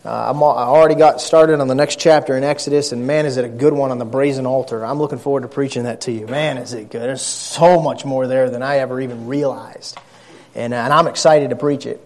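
A man's voice: mid-range voice, steady tone, brisk, darkish tone. A man preaching a sermon as pastor, earnest with wry asides.

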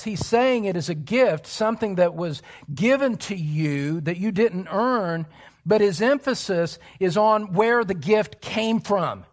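Emphatic preacher swinging hushed to loud. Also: male voice, sits high. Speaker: pastor. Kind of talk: expository sermon. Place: church.

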